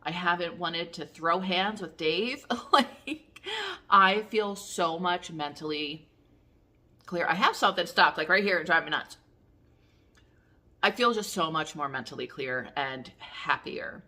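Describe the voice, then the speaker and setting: Thirties woman vlogger, low pitch with bright bite, rambling candid chat to camera. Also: unhurried. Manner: chatty, rambling, candid with swearing.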